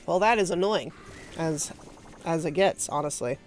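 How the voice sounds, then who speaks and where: A woman's voice: low voice, moderate pace, a little mellow, faint music behind. A woman streaming a video game, chatting casually with a self-mocking, laugh-prone manner. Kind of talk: casual live gameplay commentary.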